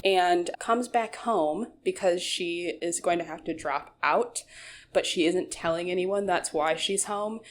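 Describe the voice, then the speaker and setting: A woman's voice: lowish voice, a little slow, over music. A young woman giving a casual, joking recap of a TV show, full of sarcastic asides. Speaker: YouTube commentator.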